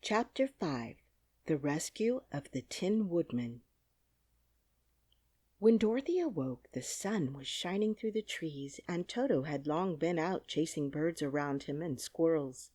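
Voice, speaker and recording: Woman narrator, children's audiobook, lively pitch, husky mellow tone, dry close mic. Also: a little slow, dry recording. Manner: expressive storytelling reading.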